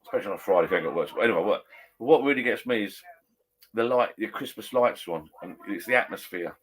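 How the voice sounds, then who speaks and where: A man's voice: lowish voice, lively intonation, quick pace, breathy edge. A man chatting casually with live viewers from his garden shed bar, rambling and correcting himself as he goes. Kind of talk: casual pub chat.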